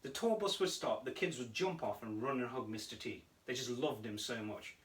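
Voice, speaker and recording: Medium in pitch and moderate in pace, a man co-hosting a casual podcast tells animated stories and laughs frequently. The mic is set at a distance, so the sound carries a roomy echo.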